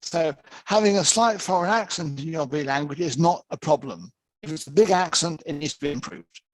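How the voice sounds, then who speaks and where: A man with an English accent teaches an online class over a video call. His voice sits a little high for a man. He explains things in a steady, patient way, and the sound is dry and close. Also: a little fast, no room sound, rough recording. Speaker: lecturer. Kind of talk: online lecture.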